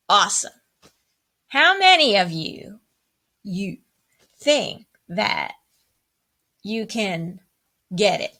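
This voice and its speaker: A woman's voice: mid-range voice, bright, forceful tone. A woman teaching a music lesson to children, upbeat and encouraging as she counts rhythms aloud.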